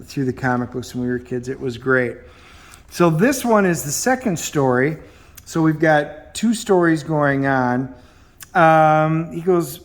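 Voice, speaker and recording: A man's voice: mid-range voice, unhurried. A middle-aged man reviewing a comic book in a casual, chatty way, with frequent ums and acted-out bits of dialogue.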